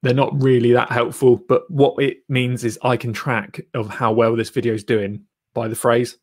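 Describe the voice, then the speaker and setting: A man's voice: medium pitch, level tone, normal speed. A man hosting a live stream, reviewing a viewer's channel in a rambling, encouraging way full of fillers. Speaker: YouTube channel coach and host.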